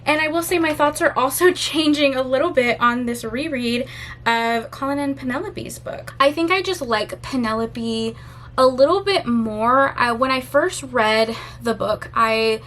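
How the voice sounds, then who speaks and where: A young woman vlogging casually about a book she is rereading, chatty and animated, laughing and swearing now and then. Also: high voice, a little slow, a little hiss or hum. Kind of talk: casual vlog chat.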